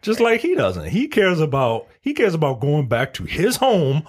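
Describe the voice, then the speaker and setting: Man, husky podcast co-host, animated pitch, emphatic delivery. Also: moderate pace. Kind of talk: casual chat.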